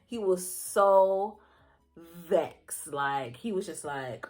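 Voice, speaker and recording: A young woman tells a casual storytime story in her vlog. She is animated, acts out the voices of the people in it and laughs often. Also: lowish voice, drawn-out words, soft background music. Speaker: vlogger.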